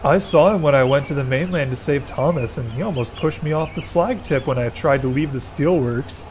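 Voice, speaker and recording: A man's voice: on the high side, brisk, a little mellow, slight background noise, close to an everyday voice. A man voicing a sly, mischievous male steam engine who speaks in a teasing, conspiratorial manner.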